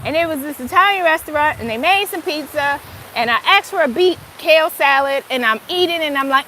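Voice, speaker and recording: A woman's voice: sits high, lively intonation, a little fast, bright, forceful tone, slight background noise. A middle-aged woman giving a casual, emphatic motivational talk about gratitude, swearing freely and stretching her words for stress. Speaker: spiritual motivational speaker.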